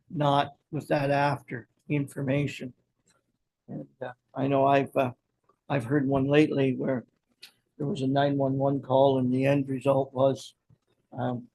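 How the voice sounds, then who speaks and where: A man chairing a council meeting, giving a slow and halting comment as he thinks aloud. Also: on the high side, gravelly, a little mellow, slight background noise, poor audio.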